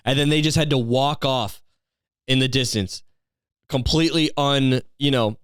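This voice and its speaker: Profane, rambling man with a smooth voice. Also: medium pitch, normal speed, dry recording, studio quality. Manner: rambling, profane, incredulous storytelling. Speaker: podcast host. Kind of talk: solo podcast monologue.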